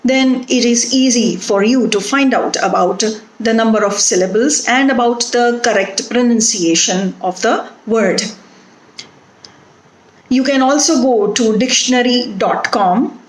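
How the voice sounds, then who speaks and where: Slow-speaking Indian English woman lecturer. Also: a little high, roomy sound, rough recording. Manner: slow, deliberate, repeats words to model stress. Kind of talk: recorded phonetics lecture.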